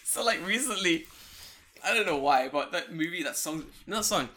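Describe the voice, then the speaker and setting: A young man hosting a podcast, chatting casually, excitable, swearing freely and laughing often. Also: on the high side, brisk, background noise. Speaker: podcast host. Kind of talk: casual chat.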